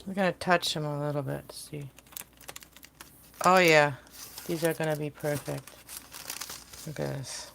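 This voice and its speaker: Woman doing a casual baking stream from home, rambly, talks to chat and her cat, lots of fry. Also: low-pitched, steady tone, measured pace, pauses often. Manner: chatty and rambling, talking to viewers and her kitten. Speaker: livestream host. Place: home kitchen. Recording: noisy background.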